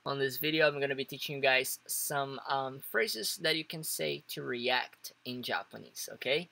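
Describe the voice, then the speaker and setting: Gravelly, bright-voiced male language teacher. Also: medium pitch, normal speed. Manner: relaxed, chatty, acts out reactions. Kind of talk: casual video lesson.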